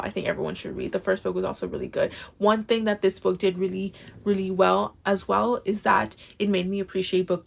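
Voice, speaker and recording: A woman's voice: mid-range voice, gravelly, a little hiss or hum. A woman reviewing books to camera in a casual vlog, gushing and emotional, close to tears, with many "like" fillers. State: tearful, close to crying. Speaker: book vlogger. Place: home, on camera.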